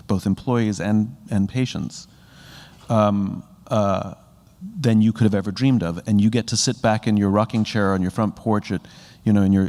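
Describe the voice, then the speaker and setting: A man's voice: fairly low pitch, a little mellow. A man giving a conversational keynote talk on leadership to a live audience, acting out little bits of dialogue as he goes. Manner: conversational, acts out quoted dialogue with rising animation. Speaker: speaker on leadership. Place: large hall with a live audience. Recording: reverberant hall.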